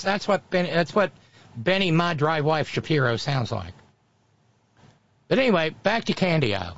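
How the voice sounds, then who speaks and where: A man's voice: fairly high pitch, very animated, unhurried, long pauses, fairly bright tone, dry recording, dull audio. A man hosting a podcast, giving sarcastic, mocking commentary in casual chat. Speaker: podcast host.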